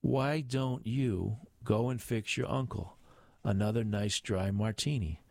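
A man's voice: on the low side, unhurried, gravelly, a little mellow, no room sound. A man voicing a middle-aged uncle who teases a child with dry humor. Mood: teasing. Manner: dry, teasing.

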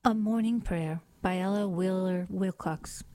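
Lady reading poems on the radio, mellow, calm and measured. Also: mid-range voice, dry recording, poor audio. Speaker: radio poetry reader.

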